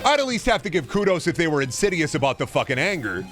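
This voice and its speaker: A man's voice: on the high side, sing-song, fast, music in the background. A man ranting on a live stream, swearing constantly and sounding fed up and exasperated. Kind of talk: angry live-stream rant.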